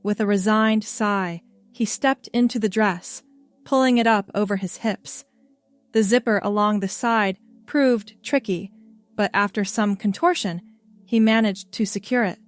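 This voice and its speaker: A woman reading a scripted story in an even, measured way. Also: medium pitch, faint music behind. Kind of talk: scripted narration.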